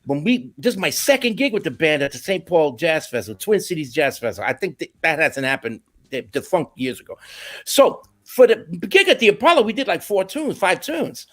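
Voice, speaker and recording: A middle-aged man with a high-set voice tells stories as a guest in an interview. His pitch jumps all over as he talks. He keeps it casual and slangy, and he drops Spanish phrases in here and there. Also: fairly quick. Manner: animated, slangy, slips into Spanish. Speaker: musician guest.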